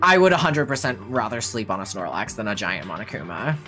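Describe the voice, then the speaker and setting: Low-voiced woman, jokey banter. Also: very animated, a little fast, fairly bright tone, soft background music. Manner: jokey, laughs often. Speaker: fan voice actor and player. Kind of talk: casual chat while voice-acting a game.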